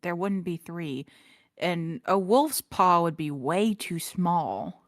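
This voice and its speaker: A woman's voice: lowish voice, slow pace, no echo, clean studio sound. A woman playing a tabletop game, chatting casually and playfully. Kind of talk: casual chat.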